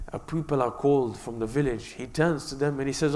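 A male preacher narrating a religious story in a sermon, in an earnest, measured storytelling manner. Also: mid-range voice, steady tone.

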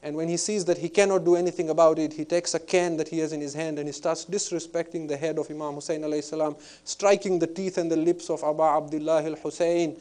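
A man's voice: a little high, flat delivery, darkish tone. A man preaching a devotional sermon, recounting a sacred story and drawing out key phrases with emphasis. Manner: recites scripture-like phrases with drawn-out emphasis.

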